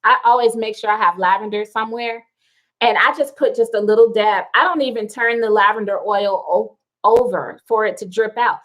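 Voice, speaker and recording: A woman's voice: medium pitch, poor audio. A woman hosting a casual live stream from home at night, reading viewer comments aloud and chatting with frequent laughter. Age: adult with children. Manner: chatty, laughs often, slow and relaxed.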